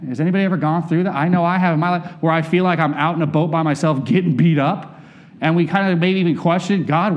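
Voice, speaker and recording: A man with a fairly high voice delivers a relaxed, conversational sermon. He speaks candidly from personal experience and keeps turning to his listeners with questions. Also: highs cut off. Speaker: preacher.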